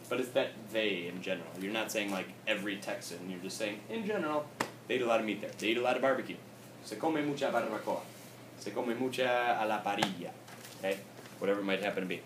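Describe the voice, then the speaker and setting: A man teaches a grammar class in a loose, chatty way, switching languages and asking "okay?" after nearly every point. He sounds set back from the mic in an echoey classroom. A steady hiss of noise runs under his voice. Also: fairly low pitch, quick pace, distant mic. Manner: casual, repeats "okay?" often, switches between English and Spanish. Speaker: Spanish teacher. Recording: echoey room recorded from afar, with noise.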